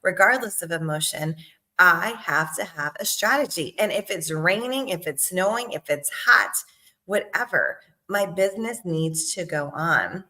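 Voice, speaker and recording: A middle-aged woman sales coach talking casually to her viewers, animated and emphatic, with frequent "right?" and "okay?" asides. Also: fairly low pitch, unhurried. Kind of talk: casual talk to camera.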